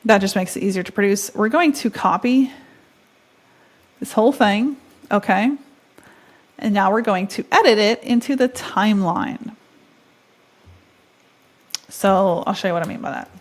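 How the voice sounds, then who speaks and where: A woman's voice: mid-range voice, unhurried, long pauses. A woman in her thirties hosting a casual screen-share tutorial, chatty and upbeat, thinking aloud as she clicks through steps. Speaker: tutorial host.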